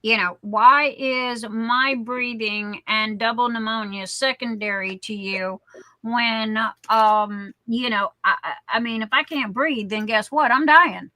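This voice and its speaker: A woman's voice: a little high, a little slow, bright, forceful tone, dry recording, poor audio. A woman in casual chat telling a personal story, blunt and salty, rambling with many fillers and restarts.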